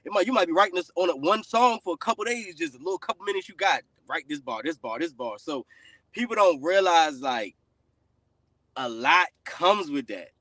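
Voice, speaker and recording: A man hosting a casual podcast, rambling with lots of fillers and often trailing off quietly. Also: fairly high pitch, lively intonation, normal speed, no echo. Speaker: podcast host.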